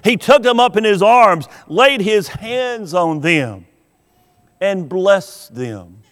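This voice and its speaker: A man's voice: high-pitched, lively intonation, slow pace, fairly bright tone. A man preaching a sermon as pastor, earnest and emphatic, stretching out key words. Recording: long hall reverb.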